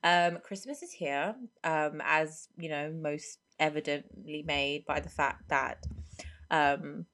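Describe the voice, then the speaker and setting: A young woman in her twenties, hoarse from a cold, chatting casually and rambling on her solo podcast into a microphone. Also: low-pitched, level tone, takes it slowly, fairly bright tone. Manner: rambling and chatty, many fillers. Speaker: podcast host.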